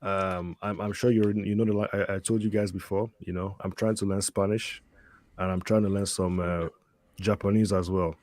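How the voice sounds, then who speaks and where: A man's voice: low voice, level tone, normal speed, darkish tone, no echo. An American man chatting casually on a stream in an easygoing, jokey way. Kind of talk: casual group chat.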